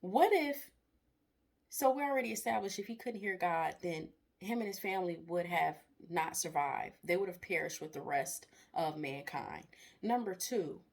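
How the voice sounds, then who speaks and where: Animated woman teaching from the Bible. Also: on the low side, normal speed, creaky. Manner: reads scripture aloud then comments with animated exclamations. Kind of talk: casual spoken Bible study.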